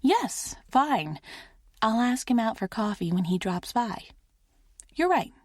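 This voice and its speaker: A woman narrator voicing a shy, eager young heroine who leaps into high, bright exclamations in audiobook dialogue. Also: sing-song, takes it slowly, no room sound, studio quality, full character voice. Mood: flustered. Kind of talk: audiobook character reading.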